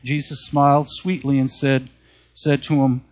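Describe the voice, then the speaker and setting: A male preacher retelling a written account during a sermon, in an animated storytelling manner that rises for quoted speech. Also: medium pitch, unhurried.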